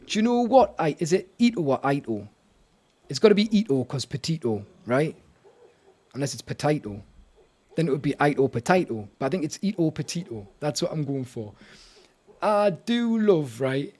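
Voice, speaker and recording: A man's voice: on the high side, lively intonation, normal speed, darkish tone. A man with a Northern English accent chatting casually on a live stream, greeting viewers and laughing often.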